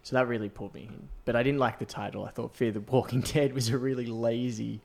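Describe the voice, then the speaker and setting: Gravelly man chatting casually, many fillers. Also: medium pitch, steady tone, fast talker, a little mellow. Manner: rambling, many fillers and restarts. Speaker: podcast co-host. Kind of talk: casual chat.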